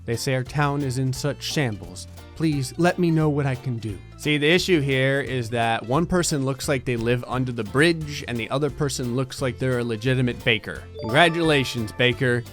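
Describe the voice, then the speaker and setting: A man's voice: medium pitch, moderate pace, hardly any pauses, a bit bright, soft background music. A man giving sarcastic, joking let's-play commentary on a video game, laughing often. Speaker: gaming YouTuber.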